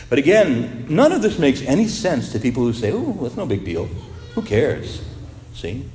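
A man preaching a sermon as a priest, animated and asking his congregation rhetorical questions. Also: mid-range voice, normal speed, reverberant, big-room sound, slight background noise.

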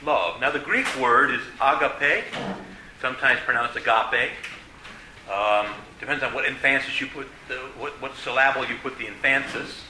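A man teaching an adult church class, halting with many "uh"s and repeated words, then speeding through his points. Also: medium pitch, steady tone, noisy background. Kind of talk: adult faith class lecture. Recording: echoey room, faint ambience.

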